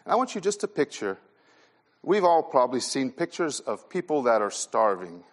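A man pastor preaching a sermon to young people, earnest and repeating key phrases for emphasis, often dropping soft and low in sorrowful passages. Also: sing-song, moderate pace. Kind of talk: sermon to a youth conference.

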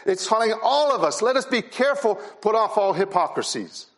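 A male pastor with a fairly high voice delivers an earnest sermon to a youth gathering. He hammers key phrases through repetition. At times he sinks quiet and low with sorrow. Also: big pitch swings, a little fast.

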